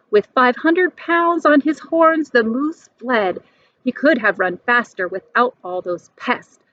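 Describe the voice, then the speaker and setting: A woman reading a rhyming storybook aloud in a lively, animated way. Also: sits high, no echo. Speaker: storybook reader. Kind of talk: expressive storybook read-aloud. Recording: dull dry recording.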